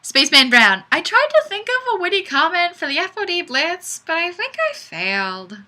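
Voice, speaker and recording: Playful woman reading comments, animated pitch. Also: moderate pace. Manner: playful, giggly, sing-song when reading comments. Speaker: webcam chat host. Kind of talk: casual live chat reading viewer comments aloud. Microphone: webcam microphone.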